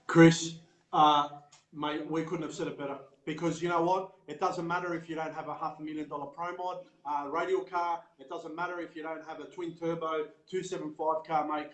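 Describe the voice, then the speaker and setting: An Australian host hypes up a race event, talking in a higher register and heaping on praise. His voice rings with an echoey sound at the live venue. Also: level tone, a little fast, a bit bright. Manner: hyped, full of praise, says "mate" often. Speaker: show host.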